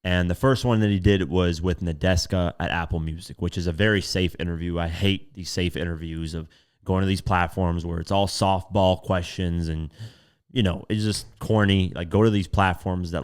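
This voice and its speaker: A man's voice: deep voice, fairly even intonation, moderate pace, clear, resonant tone. A man hosting a commentary podcast, talking casually with exasperation and some swearing. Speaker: podcast host.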